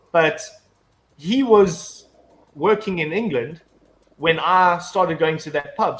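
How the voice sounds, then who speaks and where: A man's voice: on the high side, a bit bright. A man in casual chat, telling a long anecdote full of swearing and restarts. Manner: rambling storyteller, heavy swearing, frequent restarts. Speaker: guest.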